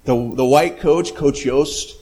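A man preaching a sermon, retelling a film scene with lively quoted voices before drawing the lesson. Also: on the high side, takes it slowly, slight background noise. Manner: animated storytelling with quoted voices. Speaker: pastor.

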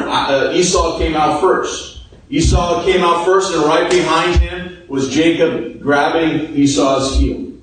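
Casual preacher in a booming room. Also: male voice. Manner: casual, storytelling, explaining. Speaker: pastor. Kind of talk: sermon. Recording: echoey room from far off, faint noise.

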